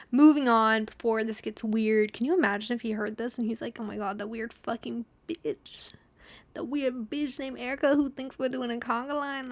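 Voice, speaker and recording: A woman's voice: fairly high pitch, creaky. A young woman hosting a casual solo podcast, telling stories with swearing, laughter and acted-out quotes. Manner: chatty storytelling with frequent swearing and laughter; acts out quotes in dramatic voices. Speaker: podcast host.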